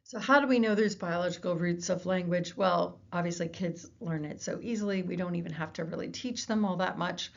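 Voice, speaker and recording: A woman's voice: on the low side, brisk, vocal fry, few pauses, dull audio. A woman lecturer explaining course material in a recorded lecture, with frequent fillers and self-corrections. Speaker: psychology lecturer.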